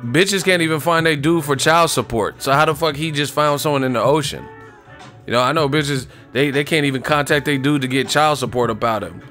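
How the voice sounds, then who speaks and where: A man's voice: fairly high pitch, a little fast, bright, forceful tone, faint music behind. A young man hosting a boxing livestream, rambling and joking in casual, profane chat.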